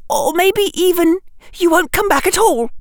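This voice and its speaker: A man voicing an anxious, reproachful teenage witch girl in a high, tense voice that drops to a whisper. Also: animated, moderate pace, no room sound, studio quality. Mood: fearful warning.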